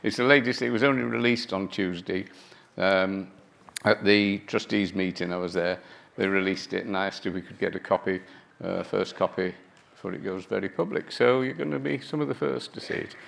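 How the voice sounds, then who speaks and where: A man's voice: low voice, normal speed, gravelly, a bit bright. A man chairing a conference, thanking a speaker and announcing the next item in a loose, self-deprecating way with some hesitations. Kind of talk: conference hosting remarks.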